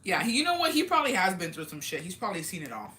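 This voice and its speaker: Bright-voiced young woman telling stories. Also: on the low side, very fast, a little hiss or hum. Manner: animated, swears a lot, laughs while telling stories. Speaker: vlogger. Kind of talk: casual storytelling chat.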